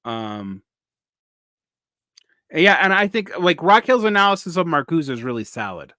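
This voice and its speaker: A man with a Southern US accent hosting a live solo vlog, talking casually and haltingly, with many restarts. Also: a little high, very animated, sharp tone, dry recording, clean studio sound. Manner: halting, with frequent restarts and fillers. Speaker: vlog host.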